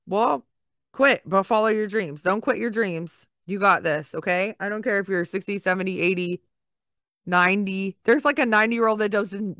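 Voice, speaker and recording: Bright, gushing woman podcast host. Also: medium pitch, clean tone, no echo, studio quality. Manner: gushing, upbeat, encouraging, chatty with many fillers. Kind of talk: casual podcast monologue.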